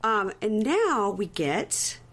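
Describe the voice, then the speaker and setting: A woman co-hosting a casual chat, retelling scenes with lots of animated quotes and profanity. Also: slow. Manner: animated storyteller who acts out quotes with big pitch jumps; profane, gossipy. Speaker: podcast co-host recapping a reality show.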